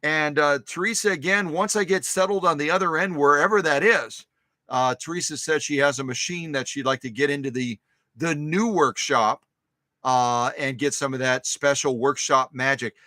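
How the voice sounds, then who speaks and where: A man hosts a casual live stream and greets his viewers one after another. He rambles in an upbeat way, repeats himself and fills gaps with uhs. His voice sits a little high and sounds bright and forceful, and it is recorded dry. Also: moderate pace, dry recording. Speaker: host of a vintage sewing machine live stream.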